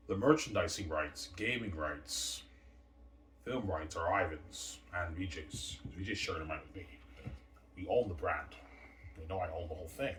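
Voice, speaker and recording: Deep-voiced man rambling boastfully. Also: moderate pace, fairly bright tone, slight background noise. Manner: boastful and rambling, many "man" and "yeah" fillers. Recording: roomy distant mic with faint ambience.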